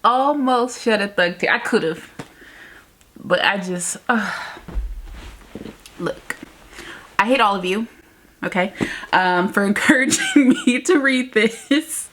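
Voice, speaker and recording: A woman's voice: medium pitch, lively intonation, takes it slowly, pauses often, a bit bright, a little hiss or hum. A woman book vlogger chatting casually about a book she just finished, emotional and rambling, often laughing in exasperation. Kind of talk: casual reading vlog chat.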